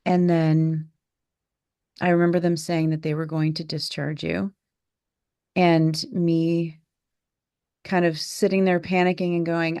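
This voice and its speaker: A woman's voice: lowish voice, little pitch movement, slow pace, long pauses, darkish tone, clean tone, dry recording, clean studio sound. A woman in her forties hosting a candid podcast, telling a family story in an earnest, reflective way. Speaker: podcast host and mother.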